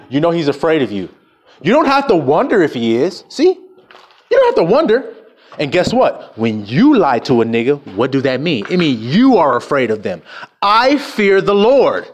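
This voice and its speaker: A man preaching a fiery, profane sermon in a high voice. His pitch swings widely, from low, muttered asides to emphatic shouts. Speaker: self-styled preacher. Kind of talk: fiery street-style sermon.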